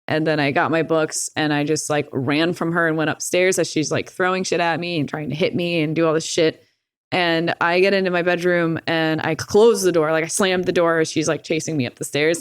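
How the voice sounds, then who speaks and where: A woman's voice: sits low, clean tone, no echo, studio quality. A young woman telling a personal story in casual interview talk, candid and swearing often, with lots of "like". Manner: candid, profane, animated retelling with frequent "like". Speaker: podcast guest.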